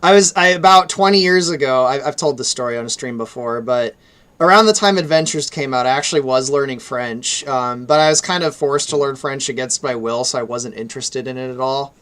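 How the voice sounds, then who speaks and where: American male streamer, smooth clear voice, casual chatty delivery. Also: medium pitch, fairly quick. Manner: relaxed, chatty, laughs often. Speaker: stream host and game developer. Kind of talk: casual live-stream chat.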